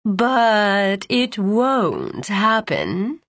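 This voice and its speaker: A woman reading as a menacing villainess in a storybook, her voice sickly sweet and light, drawn out slowly as she taunts. The tone is breathy and close, with no room around it. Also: mid-range voice, very animated, dry recording, exaggerated voice. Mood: cold menace. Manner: slow, sugary, taunting.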